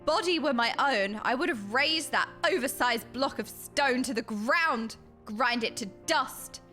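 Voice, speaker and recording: Woman doing a proud sorceress, imperious and disdainful, lower than her own voice, game dialogue read aloud. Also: expressive, a little slow, sharp tone, soft background music. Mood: haughty. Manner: lofty, archaic, disdainful. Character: haughty imperious female sorceress.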